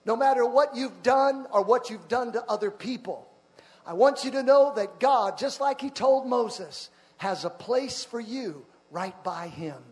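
High-voiced, husky preaching man. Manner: impassioned preaching, often shouting. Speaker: pastor. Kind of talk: sermon. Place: church.

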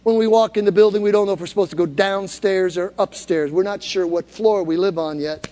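This is a man's high, mellow voice with fairly even intonation, moving a little fast and trailing a long reverb. He is a pastor giving a sermon before a congregation in a church hall, telling a story casually and leading up to calls for them to repeat after him.

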